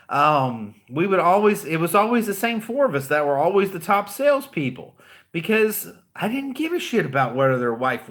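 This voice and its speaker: Blunt Southern car-sales trainer. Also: male voice, sits high, fairly bright tone. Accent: Southern American. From American South. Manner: blunt, profane, joking, rambling. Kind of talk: casual motivational livestream talk.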